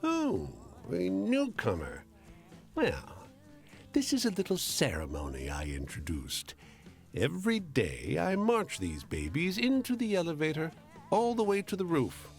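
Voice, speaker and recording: A proud, fussy hotel bellman from a storybook adventure game, his voice leaping high and swooping all over the place. He talks slowly and with delight, faint music playing behind him. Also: wildly swooping pitch, gravelly, exaggerated voice. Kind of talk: voice-acted game character.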